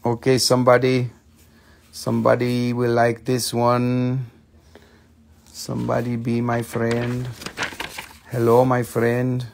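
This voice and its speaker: A gravelly-voiced man talks slowly, at an unhurried pace, as he hosts a live selling stream. His manner is loose and joking, with casual swearing and asides to his viewers. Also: medium pitch, monotone, a little mellow, a little hiss or hum. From United States, Appalachian region. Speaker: host of a live shop stream selling minerals. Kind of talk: casual live-stream sales chat, reading chat comments.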